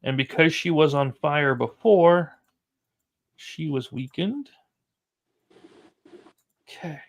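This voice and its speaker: Game master man, higher voice. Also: slow pace. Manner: casual, narrates combat results between dice rolls. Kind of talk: running a tabletop horror game.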